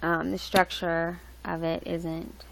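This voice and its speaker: A woman's voice: lowish voice, flat delivery, slow, vocal fry, slight background noise, poor audio. A young woman hosting a livestream, rambling loosely with lots of fillers and restarts. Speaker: livestream host. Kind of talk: casual rambling chat. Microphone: laptop mic.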